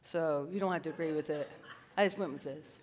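A middle-aged woman from South Carolina, a psychotherapist giving a lively, self-mocking storytelling talk and calling the crowd y'all. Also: sits low, fairly quick, a little hiss or hum. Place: large hall with a stage. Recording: long reverb of a large hall.

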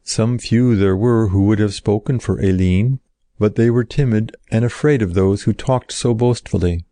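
A man reading an old-fashioned story aloud in a slow, solemn narrating style. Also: fairly low pitch, dark tone, dry recording, clean studio sound.

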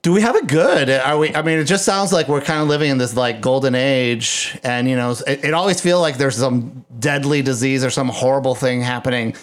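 A man in relaxed podcast chat, giggly and loose as he tells bawdy stories about his love life. His voice sits at an ordinary middle pitch, and he drops into quick little put-on voices for the people he quotes. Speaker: podcast co-host. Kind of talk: casual chat.

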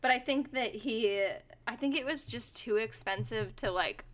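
A young woman co-hosting a podcast, telling stories in a loose, chatty way. Her voice sits a little high and sounds bright and forward. She leans on "like" constantly and swears freely. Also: moderate pace. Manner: chatty, lots of "like" fillers, swearing. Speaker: podcast co-host. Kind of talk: casual chat, storytelling.

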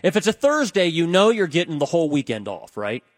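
A man's voice: on the high side, big pitch swings, fairly quick, no echo, clean studio sound. A man filling in as a radio talk host, rambling conversationally and tossing questions out to listeners on a call-in show. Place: radio studio.

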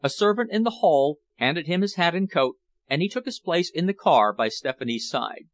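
Expressive male audiobook narrator. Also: fairly high pitch, no room sound. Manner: expressive, measured reading.

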